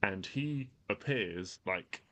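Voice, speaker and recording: A man's voice: lowish voice, expressive, takes it slowly, a bit bright. A man narrating as game master in easygoing, loosely phrased narration full of fillers.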